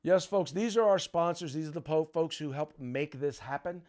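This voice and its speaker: Emphatic male podcast host, higher voice. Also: normal speed, a little mellow. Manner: emphatic, repeats words and restarts phrases. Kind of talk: casual political podcast talk.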